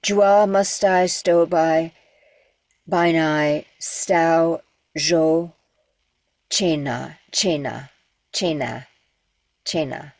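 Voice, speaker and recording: A woman's voice: low voice, extremely slow, long pauses, darkish tone, dry recording. A woman voice actor in a recording session, carefully repeating invented words after the director. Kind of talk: recording session chat and pronunciation practice. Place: recording studio.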